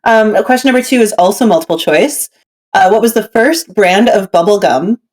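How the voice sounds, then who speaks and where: A woman from Canada, chatty and quick to laugh, reading out trivia quiz questions. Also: mid-range voice, a little mellow. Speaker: quiz host. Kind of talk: casual chat.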